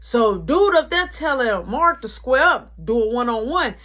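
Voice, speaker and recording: A woman's voice: on the high side, very animated, measured pace, fairly bright tone. A young adult woman telling a story in a casual, slangy, profane way and acting out each person's lines.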